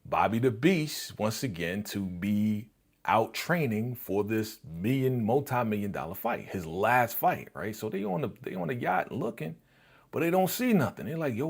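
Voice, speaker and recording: A man hosting a live-stream reaction show, recapping an episode and reading chat in a laid-back way full of fillers. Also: fairly low pitch.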